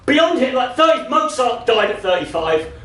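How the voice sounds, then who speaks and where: A man in his thirties doing a live stand-up set, brash and profane, breaking into shouts. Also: very high voice, very animated, normal speed, recorded from a distance, slight background noise. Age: 30s. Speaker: stand-up comedian. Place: comedy venue in front of a laughing audience. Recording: roomy live venue sound, voice off-mic at times.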